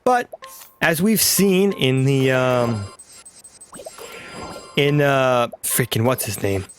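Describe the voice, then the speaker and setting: A man's voice: mid-range voice, takes it slowly, faint music behind. A man casually commenting on a video game he plays, rambling and trailing off. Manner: rambling, chuckling, trails off mid-sentence. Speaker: let's play host.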